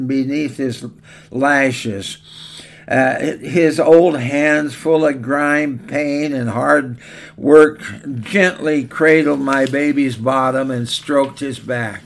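Preacher guy, gravelly voice, takes his time telling the story. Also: a little high, fairly bright tone. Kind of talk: sermon with a read story.

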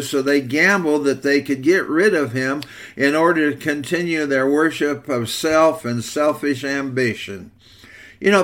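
A man's voice: medium pitch, fairly bright tone. A man preaching a sermon in an earnest way, reading scripture aloud between plain remarks.

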